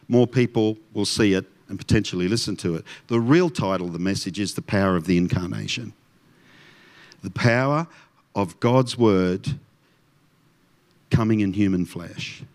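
A man preaching a sermon in a conversational way, often asking his listeners questions. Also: medium pitch. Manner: conversational, asks the congregation questions. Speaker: pastor.

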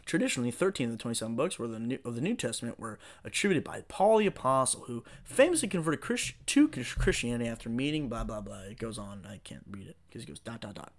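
Excitable, cursing guy rambling. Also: medium pitch, fast, hardly any pauses. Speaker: podcast host. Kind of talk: rambling solo podcast monologue.

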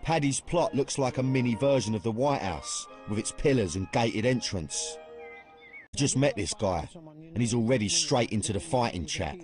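A man's voice: mid-range voice, animated, normal speed, darkish tone, soft background music. A man narrating a documentary, blunt and plainspoken with casual swearing. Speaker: documentary presenter.

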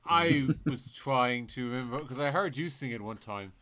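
A man co-hosts a comedy podcast, chatting in a rambling and playful way. His voice is at an ordinary middle pitch. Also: animated, moderate pace, bright, forceful tone. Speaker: podcast co-host. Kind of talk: casual comedy chat.

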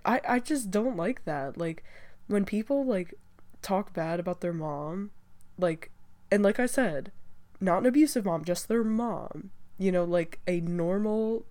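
A woman's voice: mid-range voice, a little slow, warm tone. A young woman hosting a casual solo talk show, rambling chattily with lots of fillers and restarts, a bit stuffy from allergies. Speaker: podcast host.

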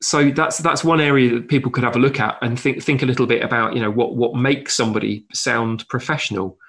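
A man from southern England co-hosts a language podcast, filling his casual talk with ums and you-knows. His voice sits at an ordinary middle pitch. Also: steady tone, fairly quick, a bit bright. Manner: hesitant, many fillers. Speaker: podcast co-host. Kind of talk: casual discussion.

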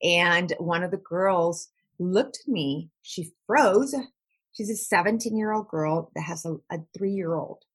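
A woman's voice: on the low side, measured pace, breathy edge. A woman being interviewed about her recovery work, earnestly and often repeating words as she searches for phrasing. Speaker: guest, trauma recovery practitioner. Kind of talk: conversational interview.

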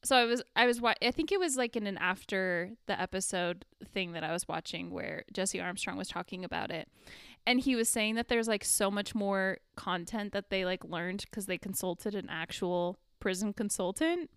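A woman chatting casually about a TV show, animated and full of fillers. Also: medium pitch, moderate pace, clear, resonant tone, no room sound, studio quality. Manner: animated, lots of fillers and laughs.

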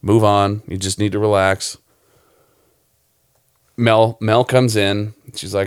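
Low-voiced guy rambling about his film, lots of cursing, dry close mic. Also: little pitch movement, slow, long pauses, smooth, no echo. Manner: rambling, profane, laughs often. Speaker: film director. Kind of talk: casual podcast chat.

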